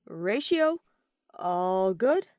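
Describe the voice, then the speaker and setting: A woman's voice: mid-range voice, very animated, unhurried, a little mellow, no room sound. A flippant young gambler with a light, teasing manner, as a woman reader puts him on. He talks with theatrical flair in a fan audio story, and the recording is dry and close. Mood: worried.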